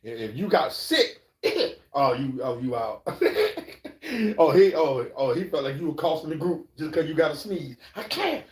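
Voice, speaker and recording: On a live stream in a room with echo, a man tells casual stories in a rambling, profane style, checking in with his listeners and repeatedly asking "you know what I'm saying." His voice sits a little high and is a little mellow, at a moderate pace.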